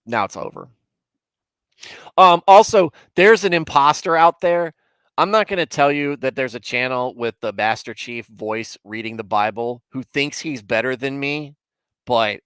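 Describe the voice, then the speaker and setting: A man's voice: mid-range voice, fairly bright tone, clear, resonant tone, no echo. A man hosting a casual livestream, chatting with viewers in a rambling, self-mocking way with mock indignation. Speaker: livestream host.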